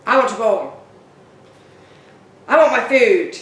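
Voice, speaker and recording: A woman voicing a pushy male dog in a story for children, who learns to ask with please. Her voice is bright and playful, and the recording is roomy and a little distant. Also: animated, slow. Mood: demanding. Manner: demanding, then high and sweet when asking nicely. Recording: roomy, slightly distant mic.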